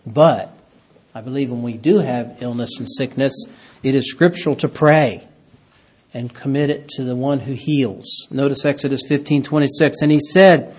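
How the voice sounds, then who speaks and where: Husky-voiced man preaching a sermon. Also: mid-range voice, steady tone, normal speed. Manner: preaching with dramatic swings from hushed to loud, stretching key phrases.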